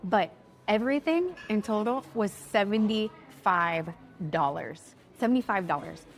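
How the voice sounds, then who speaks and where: A woman in her thirties tells a travel mishap story straight to camera in a relaxed, chatty way. She is animated and lively, and she acts out what other people said along the way. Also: mid-range voice, unhurried, soft background music. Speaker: travel vlogger.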